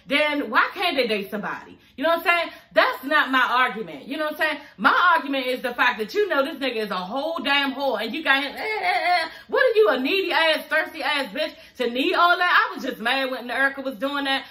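A woman casually recapping a reality show in a profane, animated way, often saying "you know what I'm saying". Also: high voice, fairly quick, few pauses. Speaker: TV recap vlogger.

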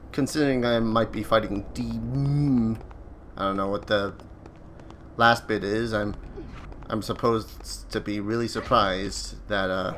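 This gameplay commentary comes from a man with a lowish, slightly bright voice, joking casually and yelping when he's caught off guard. A little hiss or hum sits under the recording.

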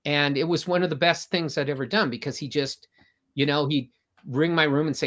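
A man's voice: fairly high pitch, fairly even intonation, fairly quick. An older man, a comic artist guest, telling long anecdotes with frequent restarts in a casual interview. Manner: rambling, warm anecdotes with restarts.

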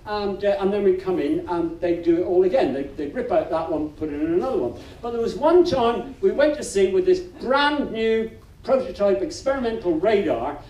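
An older folk singer sings a shanty and then tells a tale on stage in a wry, rambling way, full of restarts. His voice sits high for a man. The live recording sounds roomy and distant, with faint festival ambience behind it. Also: expressive, moderate pace, dark tone. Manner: wry, chatty storyteller with many restarts. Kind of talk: live concert singing and storytelling.

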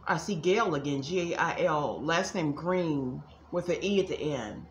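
A woman's voice: sits low, measured pace. Woman, psychic reader, folksy chatter, echoey room, faint hiss. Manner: chatty, folksy, addresses viewers as y'all. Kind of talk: casual livestream reading.

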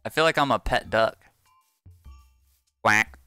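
A man's voice: on the low side, fairly quick, sharp tone, no echo, faint music behind. A man livestreaming a game, chatting casually with viewers and goofing around with silly bits. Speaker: streamer.

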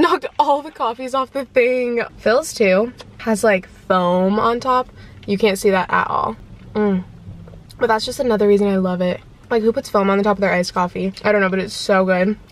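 A woman's voice: medium pitch, a little hiss or hum. A woman in her twenties chatting in a casual vlog from her car, bubbly and giggly, with lots of "like". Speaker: vlogger.

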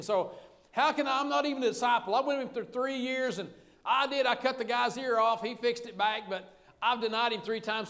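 A man's voice: very high-pitched, a bit bright. A man pastor, preaching a sermon in a folksy, conversational way with humor.

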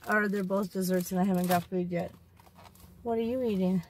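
A woman's voice: medium pitch, steady tone, a little fast, darkish tone, slight background noise. Upbeat mom vlogger, chatty and playful, talking from her parked car. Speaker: vlogger and mother. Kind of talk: casual family vlog chat.

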